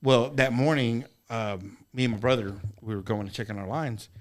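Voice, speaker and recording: A man in casual podcast chat, telling a fishing story with lots of profanity and lively acted-out exclamations. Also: medium pitch, moderate pace. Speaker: podcast participant.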